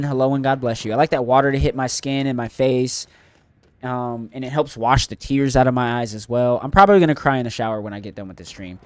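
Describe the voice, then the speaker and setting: Earnest, rambling male game streamer. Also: medium pitch. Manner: earnest, emotional, rambling with many fillers and restarts. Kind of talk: casual chat to live chat while gaming.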